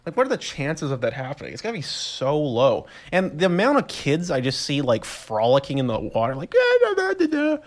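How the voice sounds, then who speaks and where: A young man, casually rambling through a solo podcast story, animated and self-amused. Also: mid-range voice, brisk, few pauses. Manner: rambling, animated storytelling with laughs and voiced reactions. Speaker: podcast host.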